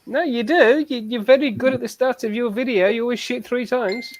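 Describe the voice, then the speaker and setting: A man's voice: very high voice, brisk, slight background noise. A man in a casual online chat among friends, teasing the others with easy banter. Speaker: regular in the hangout.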